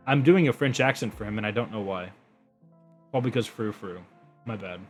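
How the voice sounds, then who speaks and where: Husky-voiced man streaming a game. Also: on the low side, normal speed, pauses often, faint music behind. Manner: chatty, self-mocking asides to chat. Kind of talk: casual gaming livestream chat.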